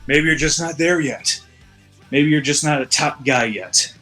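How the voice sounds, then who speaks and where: A man's voice: a little high, unhurried, pushed and bright, faint music behind. A man voicing a crude, hard-drinking male wrestling boss who talks bluntly. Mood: gruff.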